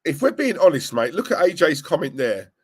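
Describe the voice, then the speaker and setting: A young man hosting a live stream, chatting casually, reading viewer comments and reacting with animated, rambling restarts. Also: brisk, slightly rough. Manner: animated, rambling, restarts and laughs, pitch jumping when worked up. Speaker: fan channel live-stream host.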